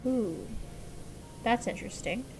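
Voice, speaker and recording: Young female streamer, casual muttery game chatter, high-ish voice. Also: animated, a little slow, music in the background.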